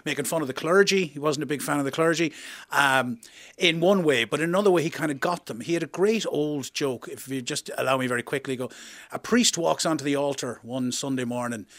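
A male comedian guest chatting about comedy and retelling jokes as an animated storyteller. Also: fairly high pitch, fairly quick. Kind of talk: casual chat and joke telling.

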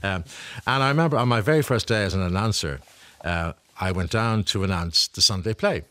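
A man's voice: on the low side, fairly quick, a bit bright, dry recording. A man reminiscing on a radio show, rambling through anecdotes with lots of fillers. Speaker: radio broadcaster telling stories. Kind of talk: casual radio chat.

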